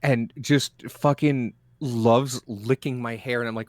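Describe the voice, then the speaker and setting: A man's voice: medium pitch, unhurried, no room sound, clean studio sound. Rambling, jokey man on a stream. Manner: rambling, jokey storytelling, swearing. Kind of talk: casual chat.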